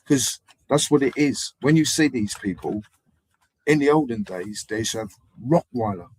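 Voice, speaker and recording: A man hosting a live stream, telling rambling, animated anecdotes in casual street slang. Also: medium pitch, normal speed, husky, dry recording. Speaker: livestream host. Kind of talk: casual livestream storytelling.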